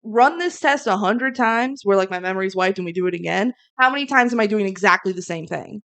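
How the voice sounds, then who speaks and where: A woman's voice: medium pitch, brisk, fairly bright tone. Female podcast co-host, curious and questioning, chatty discussion delivery. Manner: curious, thinks aloud in questions.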